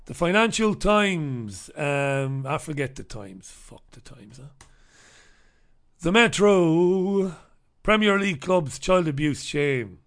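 A man's voice: a little high, lively intonation, slow, a bit bright. A man hosting a talk show, delivering a sarcastic, combative monologue and reviewing the papers, swearing freely. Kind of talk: ranting monologue and newspaper review.

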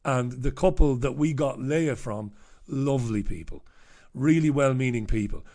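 A man's voice: medium pitch, lively intonation, normal speed, warm tone. Blunt, profane man hosting a stream. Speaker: live stream host. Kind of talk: casual live stream chat.

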